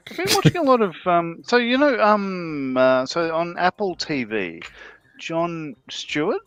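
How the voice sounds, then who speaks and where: A man's voice: a little high, very animated, fairly bright tone, clean tone, no echo, lo-fi sound. A man chatting casually on a livestream, rambling and often restarting his sentences. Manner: rambling, halting, with frequent restarts and laughs. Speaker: livestream co-host. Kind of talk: casual chat while building models.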